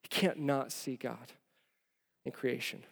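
A man preaching a sermon as pastor, a father of four who tells stories animatedly, dropping to a hush and rising to loud. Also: mid-range voice, takes it slowly, gravelly, slightly rough. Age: young adult to middle-aged, father of four. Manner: animated storytelling, swinging from loud to hushed. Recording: long reverb of a large hall.

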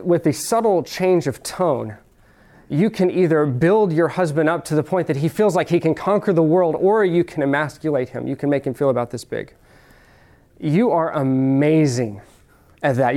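Conversational preacher, higher-pitched man. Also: mellow. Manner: conversational preaching, direct questions to the audience; slows down to stress key phrases. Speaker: pastor. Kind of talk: sermon.

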